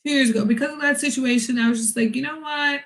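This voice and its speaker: Animated high-voiced woman telling a story. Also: fast talker, low-quality recording. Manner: animated storytelling, acts out both sides of conversations. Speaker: vlogger. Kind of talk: casual storytelling vlog.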